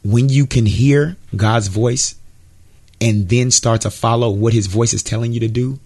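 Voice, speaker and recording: Brief: American male guest, earnest and preachy, encouraging, average pitch. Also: fairly even intonation, measured pace, a little mellow. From United States. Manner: earnest, encouraging, repeats words. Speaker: Christian rapper and guest. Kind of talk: interview, preaching.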